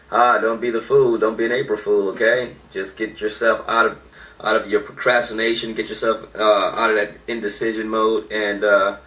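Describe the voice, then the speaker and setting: Bright-voiced man in an echoey room. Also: lowish voice, distant mic. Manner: emphatic, repeats key points, chuckles. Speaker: motivational speaker. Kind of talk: informal motivational talk.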